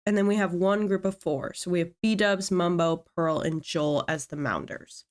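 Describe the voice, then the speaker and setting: A woman's voice: fairly low pitch, steady tone, moderate pace. A young woman talking casually as a video creator, chatting and thinking aloud to herself as she works through lists. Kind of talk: casual chat.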